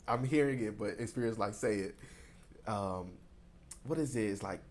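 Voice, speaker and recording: A man from Tennessee talks through a tarot card reading in a low voice. He speaks in a loose, conversational way and often pauses with fillers. A faint hiss sits under his voice. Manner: rambling and conversational, many fillers. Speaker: tarot reader.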